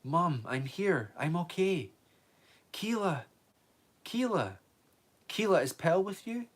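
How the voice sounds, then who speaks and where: A man's voice: a little high, very animated, slow pace, pitched above the performer's own voice, exaggerated voice. Keela, a man voicing an urgent young girl. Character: hopeful young girl calling for her mother.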